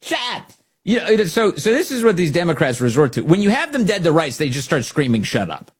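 Husky-voiced mocking male commentator. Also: a little high, very animated, fast talker. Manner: mocking, sarcastic. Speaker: political commentary host. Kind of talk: opinion commentary monologue.

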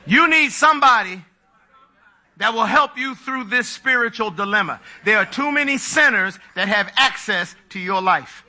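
A male pastor preaching a live sermon in a high, ringing voice. His delivery is animated and full of humorous, mocking asides as he works the congregation. He sounds very bright and forceful. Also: normal speed.

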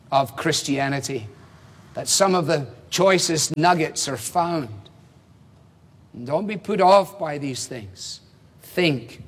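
A man preaching a sermon, explaining a passage slowly and emphatically, with rhetorical questions. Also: fairly high pitch, long reverb tail.

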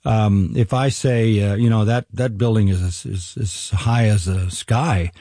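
An older man, a Bible teacher, answering interview questions in a measured, earnest way with frequent restarts. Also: on the low side, fairly even intonation, dark tone, no room sound, clean studio sound.

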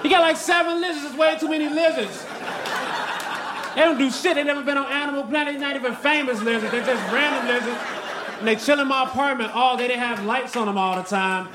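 High-voiced man ranting in a roomy club. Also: fairly quick. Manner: shouting, exasperated rant. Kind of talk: stand-up comedy rant. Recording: roomy club with loud crowd noise.

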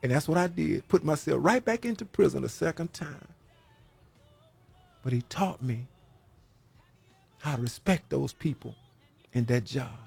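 A man's voice: fairly high pitch, creaky, slightly rough, no echo. A man who served prison time, preaching a sermon in a folksy way and repeating his phrases for emphasis.

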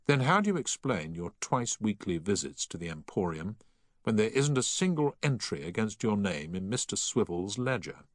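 A man's voice: fairly low pitch, sing-song, moderate pace, no echo, clean studio sound, pitched above the performer's own voice. A man reading the part of a strict male schoolmaster who speaks curtly and in an uncompromising tone. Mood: stern. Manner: curt, uncompromising. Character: stern strict middle-aged male housemaster. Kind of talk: audiobook character reading.

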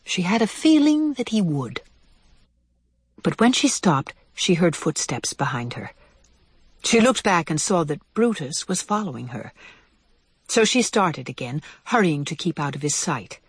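A reader narrating a children's animal story in an expressive storytelling manner. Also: a little slow, slightly rough, dry recording. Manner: expressive, varied pitch.

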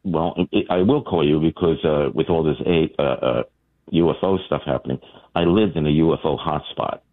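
A man calling a radio show, telling stories in an animated way, stammering and repeating words. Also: extremely low pitch, moderate pace. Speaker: caller. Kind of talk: anecdotal storytelling on a call-in show. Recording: tinny phone line.

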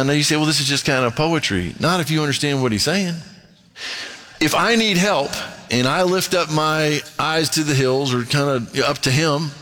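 A man in the middle of a sermon, reading psalms aloud and then speaking freely about them. His voice sits a little high for a man, and he swings up and down in pitch, sometimes rushing through an aside and sometimes slowing down to make a point. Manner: animated preaching, sudden pitch swings and quick asides. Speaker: pastor.

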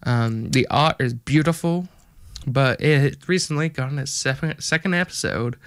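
A man's voice: medium pitch, measured pace, no echo, studio quality. A young man hosting an online radio show in a put-on American country accent. He rambles casually and pokes fun at himself, with lots of fillers. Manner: rambling, self-deprecating, chatty with many fillers.

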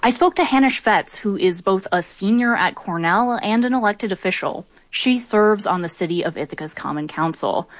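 A woman filing a radio news report, speaking in a measured and clear way. Her voice sits at a middling pitch, and the studio sound is dry, with no room in it. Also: lively intonation, no echo.

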